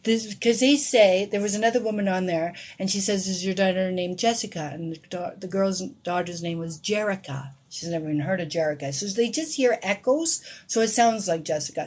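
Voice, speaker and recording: A middle-aged woman and tarot reader telling a personal story to her viewers, shifting between hushed whispers and excited outbursts. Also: medium pitch, a little fast, few pauses.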